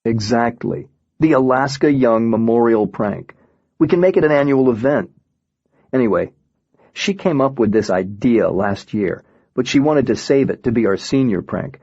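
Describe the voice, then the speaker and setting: A man voicing a blunt teenage boy in a flat, matter-of-fact way. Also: mid-range voice, normal speed, breathy edge, no echo, dull audio. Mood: earnest.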